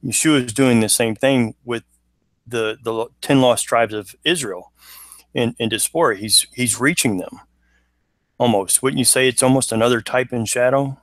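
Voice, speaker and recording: A man's voice: medium pitch, moderate pace, dry recording. A man co-hosting a casual online Bible study, reading viewer questions and thinking aloud with many fillers.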